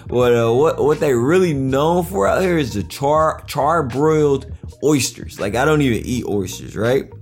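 A football player telling stories in a relaxed, amused way during a casual interview. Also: male voice, mid-range voice, a little slow, faint music behind. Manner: easygoing, storytelling, amused.

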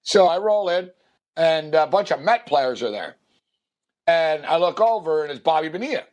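A man tells a long story on a sports talk show, his voice sitting a touch high for a man. He wanders and restarts, piling on fillers as he goes. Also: moderate pace, lo-fi sound. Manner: rambling, filler-heavy, animated impressions in quotes. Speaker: radio show host. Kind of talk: casual storytelling chat.

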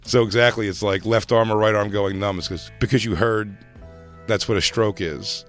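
A man's voice: on the low side, steady tone, faint music behind. A man co-hosting a comedy talk show, chatting casually and frankly in a rambling way with lots of fillers, recorded in a radio studio. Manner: rambling, fast, frank storytelling with many fillers. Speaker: podcast co-host, comedian. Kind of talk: casual chat. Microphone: studio microphone.

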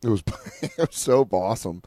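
A man with a low voice rattles off profane stories from the road in loose, casual chat. He slips into the voices of the people he met. The sound is close and dry, with no room around it. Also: normal speed, breathy edge, no echo. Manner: profane, animated, acts out quotes. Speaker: comedian podcast host.

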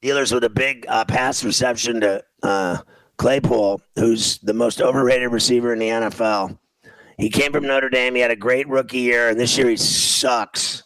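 A man's voice: medium pitch, fairly even intonation, moderate pace, fairly bright tone, dry recording, poor audio. A man hosting a sports talk show, ranting in exasperation about a game as he watches it and repeating himself. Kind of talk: casual sports radio chat while watching a game.

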